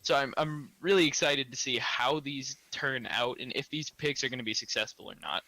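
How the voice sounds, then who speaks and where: A man casting a live esports match, chatty and opinionated and quick to laugh. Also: medium pitch, bright, forceful tone, no room sound. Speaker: esports caster.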